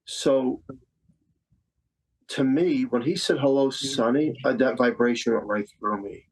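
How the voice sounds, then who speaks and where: A man in his fifties from Staten Island, speaking as an interview guest. He tells a personal story in an earnest way at a middle pitch, and he comes back to the same phrases to press his point. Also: unhurried, gravelly, slight background noise, rough recording. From Staten Island, New York. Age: 50s. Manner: earnest, repeats phrases for emphasis. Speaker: psychic medium guest.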